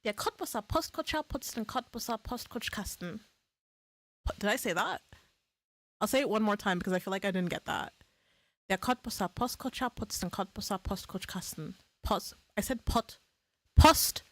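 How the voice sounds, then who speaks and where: A woman's voice: medium pitch, lively intonation, moderate pace, fairly bright tone, dry recording. A woman streaming live in casual chat, playful, laughing often and swearing freely.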